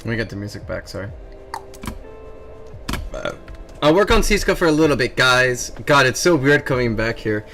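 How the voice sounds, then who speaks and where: A young man chatting casually on a stream, excitable and quick to laugh and slip into silly voices. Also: medium pitch, over music. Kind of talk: casual stream chat while drawing.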